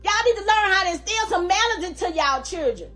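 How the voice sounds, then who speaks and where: A woman's voice: extremely high pitch, expressive, fairly quick, fairly bright tone, faint music behind. A middle-aged woman makes an angry, emphatic public plea as a grieving grandmother, repeating herself for force. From Louisiana, USA.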